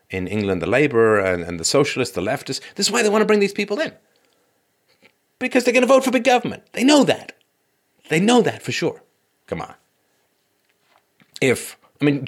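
A male political commentator reading out statistics with sarcastic asides and short laughs. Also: on the high side.

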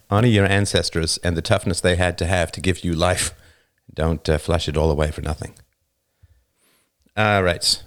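A man with a notably low voice hosts a livestream, speaking into a studio microphone. He talks off the cuff in an emphatic, punchy monologue and keeps checking in with the listener with a quick "right?". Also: fairly even intonation. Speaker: livestream host. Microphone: new studio microphone.

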